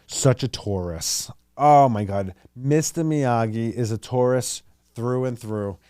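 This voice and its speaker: A man hosting a podcast in a casual monologue, talking in an animated, rambling and profane way. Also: medium pitch, slow pace, smooth, dry recording, studio quality. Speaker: podcast host.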